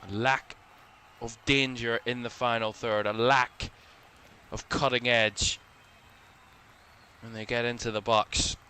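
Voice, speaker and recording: A man giving relaxed live play-by-play commentary on a football match for a watchalong stream, chatty and a little drowsy, yawning now and then and correcting himself as he goes. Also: medium pitch, slow pace, long pauses, a little hiss or hum. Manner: relaxed, chatty, thinking aloud with small self-corrections.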